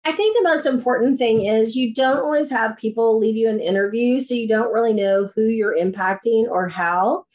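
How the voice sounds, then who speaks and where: A woman guest on a podcast interview, talking in an enthusiastic, animated storytelling way. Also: on the high side, moderate pace, hardly any pauses. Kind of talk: casual interview chat.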